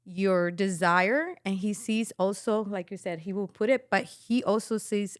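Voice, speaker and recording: A young woman tells a heartfelt personal story, her voice rising high whenever she acts out what someone said. Her pitch sits mid-range for a woman. The recording is close and dry, with no room sound. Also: measured pace, no room sound. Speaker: podcast guest. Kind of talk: emotional personal testimony.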